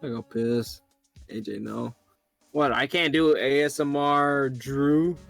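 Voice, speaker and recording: A man's voice: mid-range voice, steady tone, slow pace, vocal fry, fairly bright tone, faint music behind. A man streaming a game live, chatting casually, rambling and swearing as he jokes with a friend.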